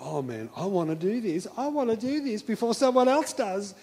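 Eager, bold teenage boy, insistent and excited, put on by a male preacher. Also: a little high, fast talker.

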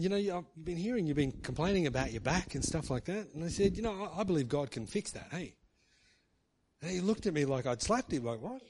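Pastor telling a story, chatty. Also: male voice, on the high side, a little mellow, a little hiss or hum. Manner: chatty, tag questions with "hey". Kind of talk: sermon storytelling.

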